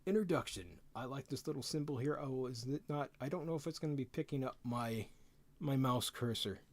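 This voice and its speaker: Excitable stammering middle-aged man. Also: medium pitch, brisk. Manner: excitable, stammers and repeats words. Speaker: streamer reviewing a game rulebook. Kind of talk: casual live-stream commentary.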